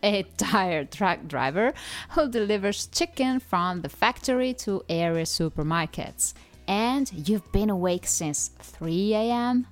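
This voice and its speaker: Woman host, slow and very expressive, cheery and teasing. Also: medium pitch, faint music behind. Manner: cheerful and teasing, laughs often. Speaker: podcast host. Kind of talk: scripted English-lesson dialogue.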